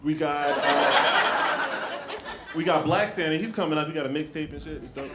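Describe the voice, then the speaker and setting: A young man performing a stand-up comedy set, telling stories with lively shifts and jumping high for quoted lines. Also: moderate pace, background noise. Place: comedy club stage with laughing audience. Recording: echoey club room, loud crowd laughter.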